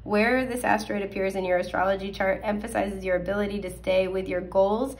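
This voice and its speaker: A woman's voice: mid-range voice, fairly even intonation, a little fast. A young woman hosting a casual tarot reading, chatty and full of fillers and small laughs, her voice scratchy from allergies. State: scratchy voice, coughing. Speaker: tarot card reader. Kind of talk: casual pick-a-card reading.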